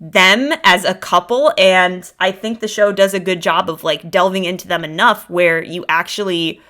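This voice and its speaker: A young woman talks on her own podcast with a bright, forward tone that sits a little low in pitch. She gushes and rambles, often circling back and restarting her thoughts as she reacts. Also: moderate pace. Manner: gushing and animated, rambling with frequent restarts. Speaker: podcast host reacting to a show. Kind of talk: casual solo reaction commentary.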